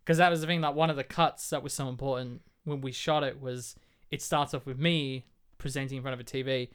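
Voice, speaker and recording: A man co-hosting a film podcast in casual chat, telling stories with animated delivery. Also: medium pitch, brisk, clean tone. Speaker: podcast co-host.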